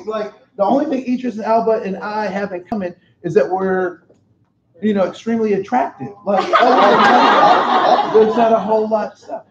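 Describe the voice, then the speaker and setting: A man's voice: high voice, normal speed, a crowd in the background. Joking male trainer in a roomy space. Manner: conversational, joking, asks the audience questions. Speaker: cultural competence trainer. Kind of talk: interactive workshop talk. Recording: roomy, dull lo-fi room recording.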